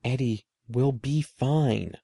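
A man voicing a young girl, an older sister who calms and gently teases her little brother. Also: on the high side, moderate pace, creaky, no room sound, heavily acted. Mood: reassuring. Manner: reassuring, gently teasing.

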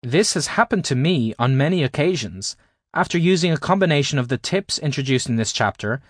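Male author-narrator, audiobook read, explanatory and measured, very animated pitch, dry close sound. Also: no echo. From Ireland. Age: adult, at least 20s. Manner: explanatory, carefully paced teaching delivery. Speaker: author reading his own book.

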